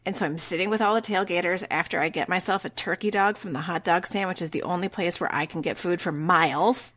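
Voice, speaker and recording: A middle-aged woman co-hosting a podcast, telling a personal story in casual chat with lively delivery and casual swearing. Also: lowish voice, fast. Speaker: podcast co-host.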